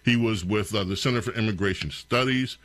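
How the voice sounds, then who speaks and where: Bright-voiced sarcastic talk radio host. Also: male voice, fairly low pitch, brisk, dry recording. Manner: sarcastic, animated, incredulous.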